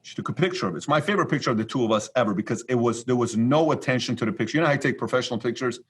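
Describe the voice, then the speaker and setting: A man in his forties from Iran, a podcast guest telling stories in an animated, repetitive way. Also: medium pitch, racing, husky. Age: 40s. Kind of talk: storytelling interview talk.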